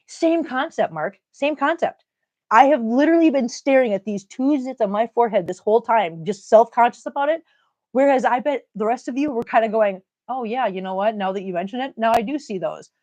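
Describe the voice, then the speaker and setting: A woman's voice: a little high, a little mellow. A middle-aged woman hosting a casual livestream, joking and chatting as she reads viewer comments aloud. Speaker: livestream host reading chat.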